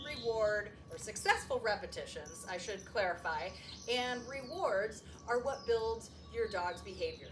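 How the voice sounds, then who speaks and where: A woman dog trainer explaining puppy recall in a chatty, upbeat way, breaking into a high excited sing-song when she calls the puppy. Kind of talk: casual training tutorial. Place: indoor training space with puppies.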